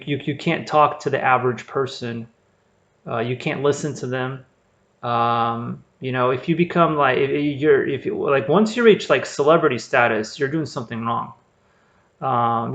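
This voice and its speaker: A man's voice: mid-range voice, fairly bright tone. A man teaching a Bible passage in a loose, rambling way, with lots of fillers and restarts. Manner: rambling, filler-heavy, conversational. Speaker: preacher. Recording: dull lo-fi recording.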